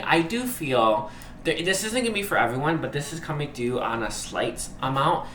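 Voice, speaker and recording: Guy doing a tarot reading, keeps losing his words and saying sorry, bright voice, echoey room. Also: medium pitch, animated, moderate pace. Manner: hesitant, searching for words, often apologizing; earnest, emotionally moved. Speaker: tarot reader. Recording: roomy echo, faint background noise.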